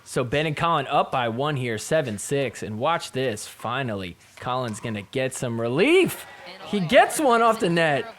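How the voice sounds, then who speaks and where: A man hosting a podcast, giving a casual recap of sports matches, swearing freely and mocking the players in quick put-on voices. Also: mid-range voice, big pitch swings, a bit bright.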